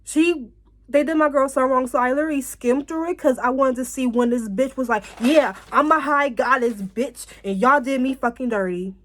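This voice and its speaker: Chatty, rambling woman with a high voice. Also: moderate pace, hardly any pauses, a little hiss or hum. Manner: animated, rambling, laughs and swears often. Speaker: drama reviewer. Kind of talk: casual review chat.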